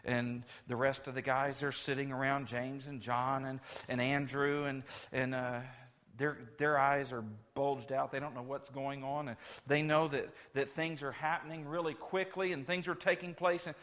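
A man preaching a sermon in lively storytelling fashion, swinging his pitch and volume as he retells scenes. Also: normal speed.

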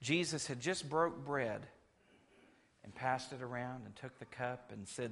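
A man preaching a sermon in lively storytelling fashion, swinging his pitch and volume as he retells scenes. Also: a little slow, vocal fry.

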